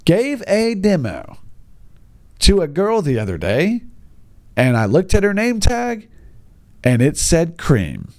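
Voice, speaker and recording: An exasperated American man, a teacher telling a sarcastic comic rant. His voice sits a little high and swings up and down with lively animation, mocking those he talks about. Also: slow, long pauses. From United States. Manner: exasperated, sarcastic, acts out voices of kids and parents. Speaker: English teacher. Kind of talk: stand-up style comic rant.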